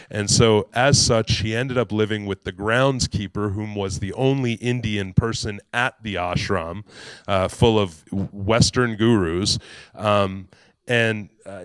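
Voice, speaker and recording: Brief: man, storytelling talk, lowish voice, dry close sound. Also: clean tone, no room sound. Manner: conversational, with fillers and acted quotes. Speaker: speaker.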